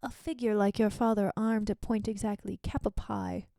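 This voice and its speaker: Brief: eager talkative friend, read plainly by a sick woman, gravelly, dry sound. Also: mid-range voice, fairly even intonation, moderate pace, dark tone, dry recording, natural voice. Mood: earnest. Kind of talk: casual dramatic reading.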